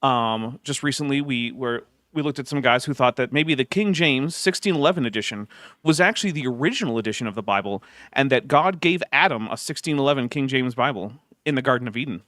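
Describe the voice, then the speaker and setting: A man hosting a casual livestream chat, talking in a relaxed way with lots of uhs and restarts. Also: mid-range voice, a little fast, no room sound, studio quality. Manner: relaxed, filler-heavy talk with frequent uhs and restarts. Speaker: host.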